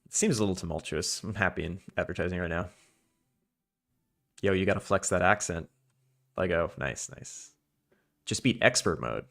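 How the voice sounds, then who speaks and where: A man's voice: deep voice, moderate pace, gravelly, long pauses, a bit bright. A man from Long Island with a Long Island accent, streaming a game and chatting casually with his viewers in a rambling, chuckling way. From Long Island, New York. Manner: chatty, rambling, chuckles while talking to chat. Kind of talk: casual chat while gaming.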